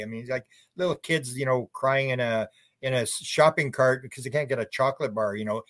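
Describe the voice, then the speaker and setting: He's a fast-talking older man with a mid-range voice, heard without echo, guesting on a radio show as an author. He rambles, keeps restarting, and doesn't hold back his opinions.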